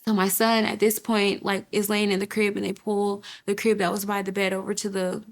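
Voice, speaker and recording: Young woman giving halting testimony. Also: medium pitch, little pitch movement, gravelly. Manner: halting, repeats words, quotes others vividly. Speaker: guest telling her story. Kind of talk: emotional personal testimony.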